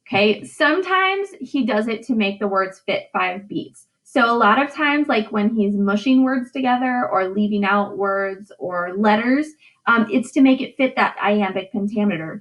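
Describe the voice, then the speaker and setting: A woman's voice: mid-range voice, moderate pace, a bit bright, muffled recording. A woman teacher giving a recorded English lesson, drawing out syllables and checking in with "right?". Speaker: high school English teacher.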